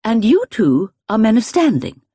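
Woman voicing an elderly spinster, audiobook, sharp, imperious, husky, dry close recording. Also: a little high, huge pitch swings, no room sound, pitched above the performer's own voice, heavily acted. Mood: brisk. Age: older. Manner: brisk, cackling, imperious. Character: sharp eccentric elderly spinster, proud and blunt. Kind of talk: audiobook character voice.

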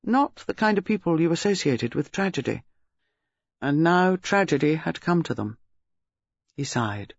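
A man reads a detective story aloud in a calm, measured way. His voice sits a little high for a man. The recording is dry and slightly dull. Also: gravelly, no echo. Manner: measured, gives characters distinct voices. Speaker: audiobook narrator. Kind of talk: scripted narration.

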